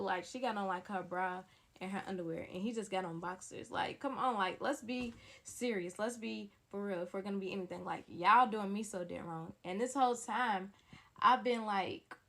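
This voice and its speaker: Young woman, storytime vlogger, gravelly voice, dramatic and chatty. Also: mid-range voice, a bit bright. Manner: dramatic, talks straight to viewers. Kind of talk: casual storytime to camera.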